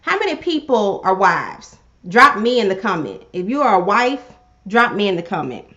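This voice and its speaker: A woman talking casually on a livestream, an animated life coach who repeats phrases and calls on her viewers directly. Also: mid-range voice, normal speed. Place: home room she calls her pink cave. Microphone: livestream setup. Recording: slightly dull livestream audio.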